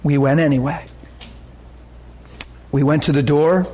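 A male pastor tells stories during a sermon in an unhurried, animated way, acting out the people he quotes and rising into high cries when he gets excited. There's a faint hiss or hum in the background.

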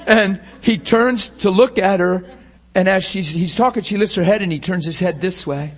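A man's voice: sits high, normal speed. A man preaching a sermon with passion, firing rhetorical questions and acting out the scenes he describes.

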